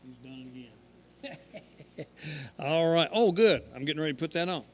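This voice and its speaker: A man's voice: fairly high pitch, expressive, moderate pace. A man co-hosting a local radio auction, giving friendly bid updates and thanking donors. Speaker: auction co-host.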